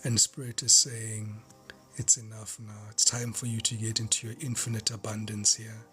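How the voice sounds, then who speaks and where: A man giving a collective tarot reading, fervent and repetitive, often dropping into hushed whispers. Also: on the low side, flat delivery, moderate pace, soft background music. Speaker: tarot reader.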